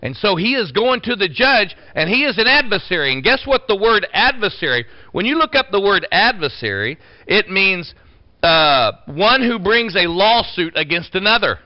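A male pastor preaching a sermon in an animated, exclamatory way, throwing out shouted calls to the congregation. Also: sits high, moderate pace, no room sound, lo-fi sound.

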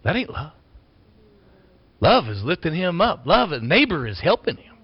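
God as a plain folksy voice, as a preacher puts him on. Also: male voice, fairly high pitch, very animated, moderate pace, slightly rough, no echo, heavily acted. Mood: earnest. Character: God, a male voice gently correcting. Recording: dull lo-fi sound.

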